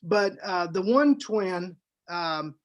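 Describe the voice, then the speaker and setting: A man, co-host and author on a podcast, tells a story in a casual, animated way, repeating himself and adding fillers as he goes. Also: sits high, slow, lo-fi sound. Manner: animated, rambling storyteller who repeats words.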